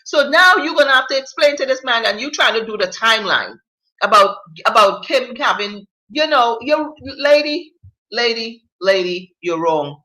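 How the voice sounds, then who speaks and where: Female talk host, blunt and emphatic, bright tone, echoey room. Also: fairly high pitch, big pitch swings, moderate pace. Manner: outspoken, emphatic, blunt, with slang. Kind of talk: live-stream advice talk, reading viewer comments.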